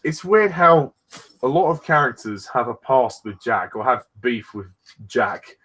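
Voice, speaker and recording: A man's voice: mid-range voice, animated, measured pace, a bit bright, rough recording. A man chatting casually through a fan film commentary, easygoing and rambling, often laughing between remarks. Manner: easygoing, rambling, many fillers.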